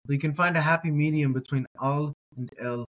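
A Hebrew teacher's voice, on the high side and fairly even in intonation, moves briskly through a reading lesson. He sounds words out syllable by syllable, though he hesitates with frequent ums and uhs and corrects himself.

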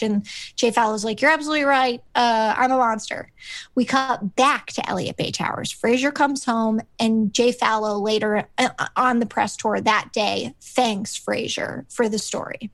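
A woman's voice: on the high side, steady tone, moderate pace, a bit bright, dry recording. A woman co-hosting a podcast, recapping a sitcom episode in a rambling, casual way with lots of fillers, acting out the characters' lines. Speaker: podcast co-host.

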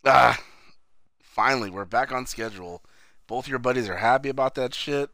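A man co-hosting a podcast in casual, profane chat, excitable and quick to swear. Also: mid-range voice, dry recording. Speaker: podcast co-host.

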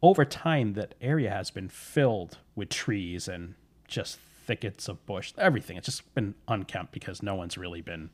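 Male podcast storyteller, slightly low voice, loose and self-correcting. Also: expressive, normal speed. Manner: rambling, many fillers, self-correcting. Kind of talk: casual storytelling chat.

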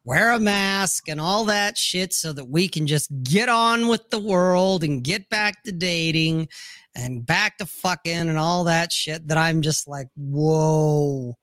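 Male co-host, higher pitch, close dry mic, profane and animated in casual banter. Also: measured pace, no echo. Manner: blunt, swearing, animated storytelling. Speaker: podcast co-host.

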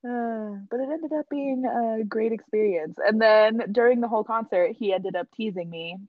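A woman in casual chat, telling a story with animated energy, swearing and laughing often. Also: on the high side, unhurried, dry recording, muffled recording.

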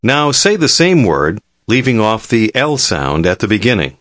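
Measured male language-course narrator. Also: lowish voice, no room sound, clean studio sound. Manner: calm, measured, clearly enunciated. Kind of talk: scripted instructional narration.

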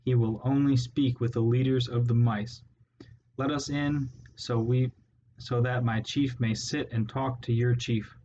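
A jittery, hot-tempered male rat henchman hisses and splutters his words, as a man reading a storybook puts him on. His voice sits a little higher than the reader's own. The recording is dull, with a faint background hiss. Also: fairly even intonation, unhurried, warm tone, natural voice. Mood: wheedling. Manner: hissing, spluttering.

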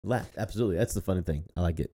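A man's voice: low voice, racing, husky. A man in his thirties co-hosting a podcast in casual, joking chat, laughing often. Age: 30s. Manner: jokey, animated, laughs often. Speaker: podcast co-host.

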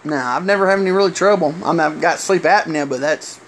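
A middle-aged man, a former wrestler telling stories in casual chat, halting and full of fillers. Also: a little high. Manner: rambling, halting with many fillers. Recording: loud hiss with clicks.

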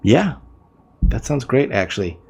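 A man's voice: medium pitch, sing-song, unhurried, vocal fry, a little mellow, husky. A man running a tabletop game as game master over an online voice call, narrating hesitantly with many ums.

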